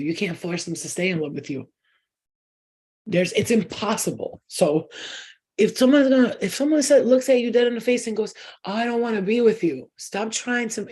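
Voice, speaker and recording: A woman's voice: on the low side, a little mellow, husky. A woman hosting a spiritual channel, talking in a casual, rambling monologue that is blunt, profane and emphatic.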